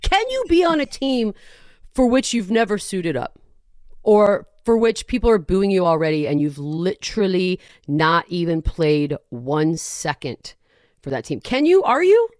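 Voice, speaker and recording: A woman hosting a podcast in casual chat, animated and sarcastic, often breaking into rants. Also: on the low side, unhurried, clear, resonant tone, no room sound, studio quality. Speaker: podcast host.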